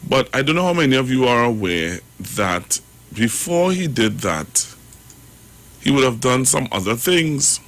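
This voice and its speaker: A man hosting a radio talk show, rambling and halting as he comments. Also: mid-range voice, very animated, fairly bright tone. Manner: rambling, halting, full of fillers and restarts.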